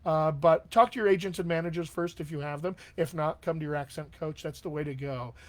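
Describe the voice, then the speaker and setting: A man coaching actors on accents during a live stream question session. His voice sits a bit above the usual male pitch, and he talks in an encouraging, unscripted way. He leans on frequent fillers between his points. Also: brisk. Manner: encouraging and conversational, many fillers. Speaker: dialect coach. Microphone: webcam or desk mic on a live stream.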